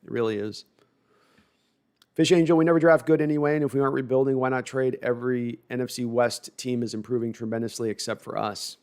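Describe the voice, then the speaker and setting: A man with a gravelly, mid-range voice hosts a casual live sports talk stream. He rambles through viewer comments with self-deprecating asides and keeps restarting his sentences. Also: medium pitch, fairly even intonation, fast, darkish tone. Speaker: host reading viewer comments.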